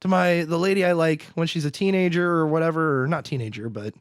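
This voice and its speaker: A man's voice: fairly high pitch, fast talker, smooth, dry recording, clean studio sound. A man co-hosting a podcast, casually recapping a film, laughing and acting out the characters' lines. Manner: animated, laughs, acts out characters. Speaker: podcast co-host. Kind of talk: casual movie recap chat.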